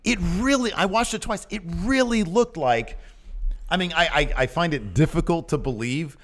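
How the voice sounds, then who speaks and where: A man co-hosting a podcast, chatting casually about wrestling and jumping up high when he quotes people. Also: normal speed. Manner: animated, jumps up in pitch when quoting people. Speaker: podcast co-host. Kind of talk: casual wrestling recap chat.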